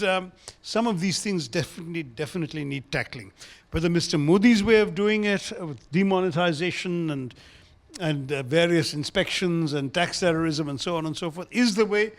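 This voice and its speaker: A man's voice: on the high side, fairly bright tone. A man, a guest speaker in an on-stage conversation, talking in articulate, formal wording and telling stories. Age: 60s.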